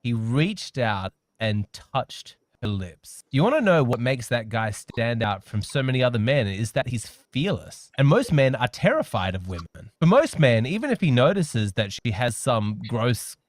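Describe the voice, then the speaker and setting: A man's voice: medium pitch, very animated, measured pace, hardly any pauses, no echo, studio quality. A man with an Australian accent, a dating coach giving blunt, emphatic video commentary.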